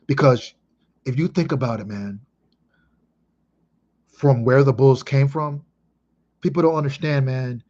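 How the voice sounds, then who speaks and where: A man in his thirties from Chicago talks through an old memory, emphatic and full of swearing. His voice sits at a medium pitch. The recording sounds dull and lo-fi. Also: a little slow, long pauses. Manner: excitable, emphatic, heavy swearing. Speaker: vlogger. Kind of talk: casual reminiscing monologue.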